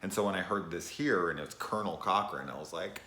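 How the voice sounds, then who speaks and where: A deep-voiced man rambles through a horror movie review, swearing freely and sniffing between thoughts. His pitch swings widely as he talks, and the room around him rings with echo. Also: fast talker, few pauses. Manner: profane, rambling, animated, sniffs often. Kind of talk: casual spoken movie review. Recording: echoey room.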